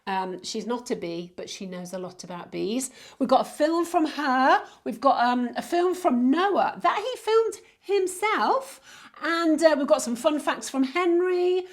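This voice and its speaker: A woman's voice: sits high, animated, measured pace. A woman minister hosting a children's show, talking in a playful, exclaiming way. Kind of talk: lively children's presenting.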